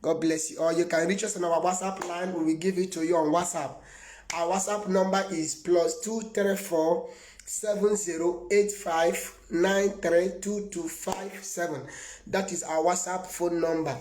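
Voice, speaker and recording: A Nigerian man with a high voice preaches live to his viewers as a prophet. He talks in an emphatic, rambling way, laughs often and answers viewers by name. His voice rings in an echoey room. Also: fairly even intonation, normal speed, darkish tone, slight background noise.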